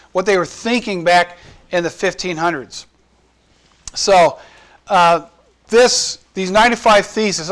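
A man's voice: high voice, a bit bright. A man teaching a Bible class on church history in a conversational way, putting old quotes into plain words and putting questions to his listeners.

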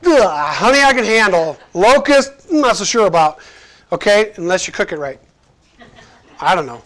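A man preaching a casual, conversational sermon, lively and jokey, acting out the people he quotes. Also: high-pitched, moderate pace.

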